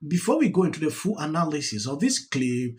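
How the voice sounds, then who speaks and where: Husky, lively Nigerian man commentator. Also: on the high side, a little fast. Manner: exasperated, emphatic. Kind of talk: reaction commentary.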